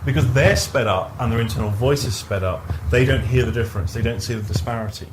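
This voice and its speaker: In a noisy training room, a man running a workshop talks fast in a medium-pitched voice. He explains concepts casually through stories, restarting his sentences and repeating words as he goes.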